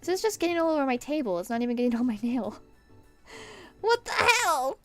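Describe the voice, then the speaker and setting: A sick young woman streaming from her desk at home, rambling casually and swearing, with sudden loud yelps. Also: on the high side, animated, racing, faint music behind. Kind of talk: casual chat while painting nails.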